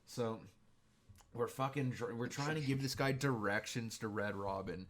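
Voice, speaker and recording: A man's voice: mid-range voice, normal speed, crowd noise. A young man casually telling a story, rambling and laughing, with heavy swearing.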